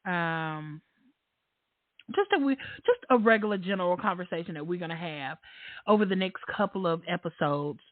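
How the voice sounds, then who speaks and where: A woman hosting a casual podcast, an animated storyteller who laughs often and acts out the voices of the people in her stories. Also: fairly low pitch, normal speed, no room sound. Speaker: podcast host. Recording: tinny phone-like line, dry.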